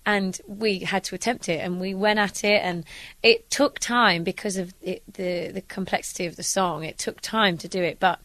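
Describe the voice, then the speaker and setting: A young woman with a British accent, chatting brightly as an interview guest and often restarting her sentences. Her voice sits in a middle register and sounds close and dry, with no room around it. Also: mid-range voice, steady tone, moderate pace, no room sound. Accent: British English. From England. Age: young adult. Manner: chatty and upbeat, many restarts. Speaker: stage actress, guest. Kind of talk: casual interview answers.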